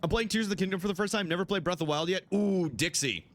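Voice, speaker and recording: A man's voice: high voice, racing, a bit bright. A young man chatting casually with his live-stream chat while playing, swearing freely.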